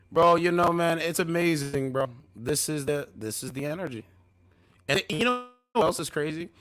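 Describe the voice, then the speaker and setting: A man hosting a livestream, needling a caller with mocking, repeated questions. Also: mid-range voice. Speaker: livestream host. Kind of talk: confrontational livestream talk.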